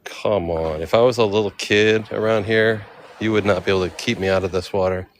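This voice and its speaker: A man's voice: fairly low pitch, steady tone, fairly quick, a little hiss or hum. A man vlogging outdoors by a bay, exclaiming over the scenery as he looks for the ferry. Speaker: travel vlogger. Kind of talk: casual walking commentary.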